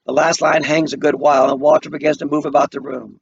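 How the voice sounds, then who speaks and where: A man's voice: on the high side, flat delivery, fast, gravelly, hardly any pauses, breathy edge, dull audio. A man, a teacher, reading a play aloud and earnestly summarizing between the quoted lines.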